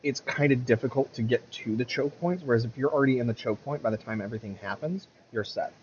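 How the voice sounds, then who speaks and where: A man's voice: mid-range voice, fast, dull audio, a little hiss or hum. A man giving casual, rambling commentary over his gameplay, correcting himself often and muttering at the game, with the hiccups. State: has the hiccups.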